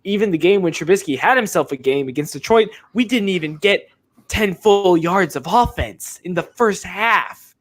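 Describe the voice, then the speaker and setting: A man co-hosting a fantasy football podcast, talking emphatically and swinging between low muttering and loud pushes. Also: expressive, moderate pace. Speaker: podcast co-host. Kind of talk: casual sports chat.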